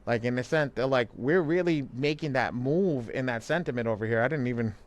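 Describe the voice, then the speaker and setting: A co-host and credit coach helps run a live online money class, rambling loosely, restarting often, and laughing easily. His voice is medium-pitched and fairly quick.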